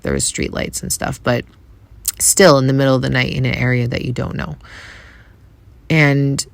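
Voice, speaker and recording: A woman from Canada hosting a podcast, telling a personal story in a soft, reflective way with many hesitations. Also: a bass voice, vocal fry, dry recording. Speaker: podcast host.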